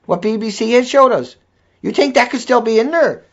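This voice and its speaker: A man's voice: very high-pitched, lively intonation, moderate pace. A man delivering an angry, profane, repetitive rant as a video blogger. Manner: furious, profane, repetitive tirade. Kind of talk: angry ranting monologue. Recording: dull lo-fi recording.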